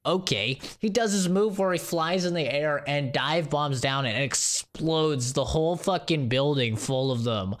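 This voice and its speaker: A man's voice: on the high side, unhurried, hardly any pauses. A man chatting casually on a live stream, ranting animatedly with lots of swearing and laughter. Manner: animated, profane, laughing rants.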